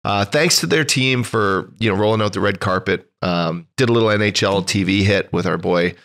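A man's voice: lowish voice, normal speed, a bit bright. A man from Edmonton co-hosting a podcast, chatting casually with enthusiasm and plenty of swearing. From Edmonton, Canada. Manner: swearing, enthusiastic, thanks people. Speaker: podcast co-host. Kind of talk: casual chat.

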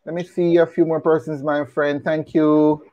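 A man's voice: a little high, level tone, moderate pace. A man hosting a live stream interview, affably reading out viewer comments over lo-fi audio. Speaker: host.

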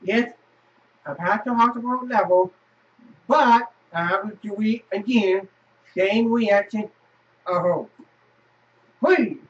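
Man, very high and lively voice, frustrated swearing gamer, echoey room. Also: slow pace, long pauses. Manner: frustrated, swearing, sudden loud outbursts. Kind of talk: horror game commentary. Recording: roomy, distant, dull lo-fi.

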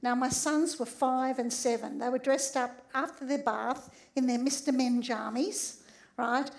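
High-voiced woman giving a lively talk. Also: a little slow, creaky. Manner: lively storyteller, keeps checking in with "all right?". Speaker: sex therapist and doctor. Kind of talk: humorous public talk.

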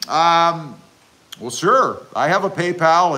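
A man's voice: fairly high pitch, big pitch swings, a little slow, bright, forceful tone. A man hosting a casual livestream, reading viewer comments aloud and answering them with jokes. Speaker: livestream host.

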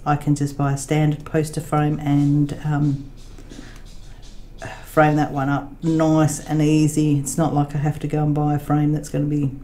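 A woman chatting casually with her viewers, with many fillers, sometimes talking to her dog in a high baby voice. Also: monotone, measured pace, mellow. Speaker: craft vlogger. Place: home laundry room. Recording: echoey room with faint noise.

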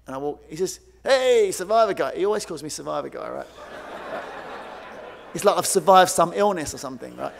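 A man delivers a conference keynote in a gravelly, fairly high voice, acting out the people in his stories with lots of fillers. His voice rings with the long reverb of a large hall. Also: a little fast, long pauses, slight background noise. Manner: animated, acts out quoted voices, many fillers. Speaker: keynote speaker.

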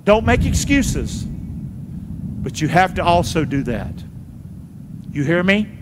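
A man's voice: high voice, big pitch swings, slow, in a large hall, background noise. A middle-aged man, a pastor, preaching a sermon and calling on the congregation to answer him, repeating key phrases. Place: large church sanctuary.

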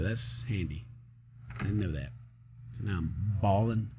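Lively gravelly-voiced man commentating a game. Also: fairly low pitch, moderate pace, pauses often, background noise. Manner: jokey, talks to game characters and reads their lines aloud. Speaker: let's play host. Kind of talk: casual gameplay commentary. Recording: slightly dull recording with faint game music.

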